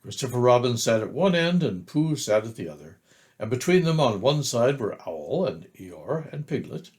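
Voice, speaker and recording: An older man reading a children's book aloud, narrating slowly and gently. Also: mid-range voice. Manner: slow, gentle, expressive narration. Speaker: storyteller.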